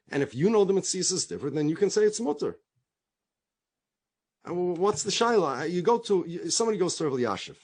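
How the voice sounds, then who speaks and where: Middle-aged New rabbi, animated storyteller, voice that swings up and down and a little high. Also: male voice, brisk. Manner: animated storyteller, acts out quoted dialogue, frequent repetitions. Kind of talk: conversational talk, telling stories.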